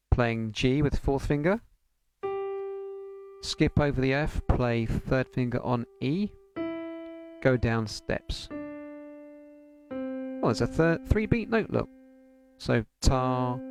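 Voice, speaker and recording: Slow, patient gravelly male piano teacher. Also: mid-range voice. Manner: patient, counts beats aloud and sings rhythm syllables. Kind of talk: online music lesson.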